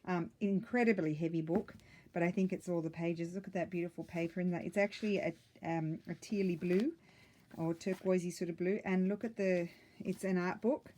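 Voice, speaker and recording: A woman chatting casually and excitedly as she flips through a handmade journal, rambling with many ums and self-corrections, a little out of breath. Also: fairly low pitch, moderate pace. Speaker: craft vlogger.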